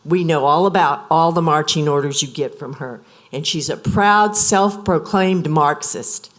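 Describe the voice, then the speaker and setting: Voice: mid-range voice, a little slow, fairly bright tone. A speaker making an accusatory, stern public comment at a board meeting.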